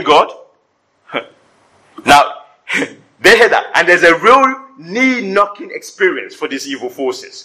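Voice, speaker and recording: Man preaching, high bright husky voice, animated sermon with wry jokes. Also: takes it slowly, long pauses, low-quality recording. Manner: animated preaching with humorous asides. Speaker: pastor. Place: church service before a congregation.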